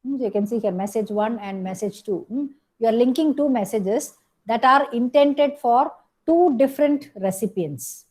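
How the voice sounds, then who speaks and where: A woman's voice: a little high, moderate pace, darkish tone, rough recording. A woman giving a recorded lecture, explaining step by step with frequent "okay" and "hmm" fillers and self-corrections.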